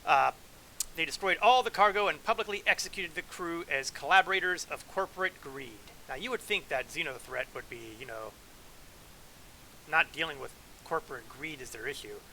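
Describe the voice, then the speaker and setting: Man hosting a game stream, bright and tense voice, wry asides, faint hiss under it. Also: a little high, normal speed, poor audio. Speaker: gameplay streamer. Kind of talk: casual game commentary, reading lore aloud.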